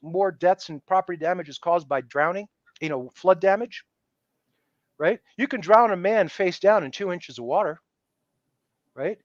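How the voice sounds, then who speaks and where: As a guest on a podcast, a high-voiced man speaks in a casual interview, emphatic and animated, slipping into the voices of the people he quotes. The audio is dry and slightly dull, lo-fi in quality, with no room sound.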